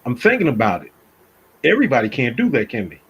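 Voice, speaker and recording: A man from Philadelphia with a Philadelphia accent, talking through an interview in a casual, animated way and often repeating his phrases. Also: medium pitch, fast, a little hiss or hum.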